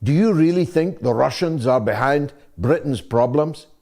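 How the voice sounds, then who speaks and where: A man's voice: medium pitch, expressive, moderate pace, darkish tone. An older man hosting a live-stream talk show, delivering promotions and an introduction in a fervent, oratorical, wry way. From Scotland. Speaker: show host.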